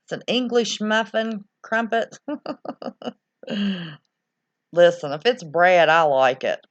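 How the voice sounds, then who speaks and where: A woman's voice: lowish voice, slow. Chatty woman, lo-fi livestream. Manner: chatty, rambling, reacts aloud to comments. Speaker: livestream host reading viewer chat. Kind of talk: casual live-stream chat. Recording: slightly dull lo-fi sound.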